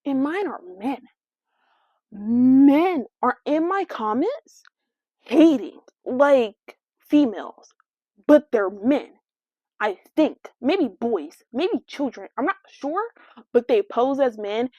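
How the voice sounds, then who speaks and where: A young adult woman hosting a casual solo podcast, talking in a brash, sassy, slangy and animated way. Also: sits high, slow, dry recording. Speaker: podcast host. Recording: dry, dull lo-fi sound.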